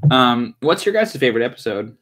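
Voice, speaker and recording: A young man hosting a casual livestream Q&A, chatty and animated, reading viewer comments aloud and laughing often. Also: medium pitch, a little fast. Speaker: show creator and host.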